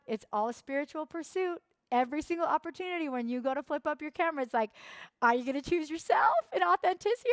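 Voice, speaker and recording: A young woman leads a coaching workshop in a fairly high voice. She drives her points home by repeating phrases and slipping into quoted voices. The sound is close and dry. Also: no room sound. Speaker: workshop instructor.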